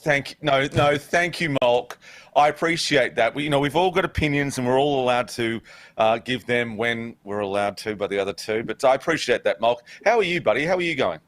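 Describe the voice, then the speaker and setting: A man's voice: medium pitch, brisk, fairly bright tone. An Australian man co-hosting a casual panel chat, blunt and argumentative. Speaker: co-host.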